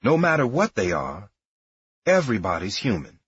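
A man voicing a stern elderly grandmother who scolds and commands loudly. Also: lowish voice, wildly swooping pitch, moderate pace, husky, no room sound, full character voice. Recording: dry, dull lo-fi recording.

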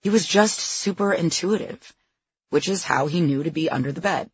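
Husky woman reading her memoir. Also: on the low side, normal speed, dry recording, muffled recording. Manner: candid, self-deprecating storytelling. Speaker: memoir narrator. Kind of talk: audiobook memoir narration.

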